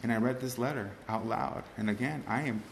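A man's voice: mid-range voice, steady tone, brisk, gravelly. Emotional man telling his story in an echoey hall. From Cuban family. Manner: rambling, emotional, repeats "you know" and "right". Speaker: recovery speaker sharing his story. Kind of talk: personal testimony to a group. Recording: echoey hall with faint room noise.

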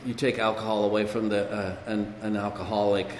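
A man's voice: fairly low pitch, flat delivery, brisk, a little hiss or hum. A man giving a personal recovery testimony at a meeting, a rambling storyteller who leans on "you know". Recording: echoey hall with long reverb.

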